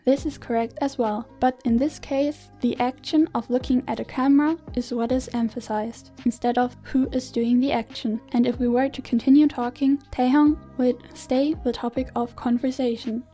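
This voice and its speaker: A woman teaching a Korean grammar lesson in clear, measured scripted narration. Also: sits high, fairly even intonation, mellow, faint music behind.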